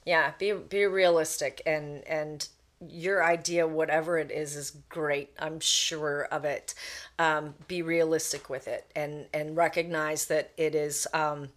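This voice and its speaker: Female podcast guest, entrepreneur, deep voice, measured and thoughtful delivery. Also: steady tone. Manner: thoughtful, measured advice-giving. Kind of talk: casual interview chat.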